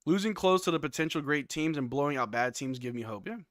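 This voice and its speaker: A man hosting a live watch-along stream, calling plays and reacting loudly with hype shouts on big moments. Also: fairly high pitch, lively intonation, fast, no echo, clean studio sound. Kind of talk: excited live game commentary.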